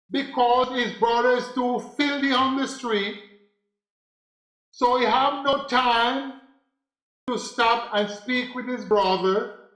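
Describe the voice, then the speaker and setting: A man with a very high voice delivers a spiritual talk at an unhurried, deliberate pace. He preaches and repeats his phrases for emphasis. The recording sounds roomy and echoey. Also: a bit bright. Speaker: spiritual teacher. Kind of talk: preaching monologue.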